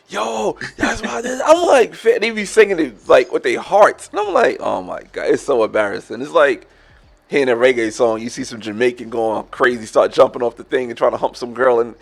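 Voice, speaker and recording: A man, chatting casually on a podcast. He tells stories in a lively way and jumps his voice up to act out the people he quotes. His voice sits at an ordinary middle pitch. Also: vocal fry. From New York, Long Island. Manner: animated, acts out quoted dialogue with big pitch jumps. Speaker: podcast co-host. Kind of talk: casual storytelling chat.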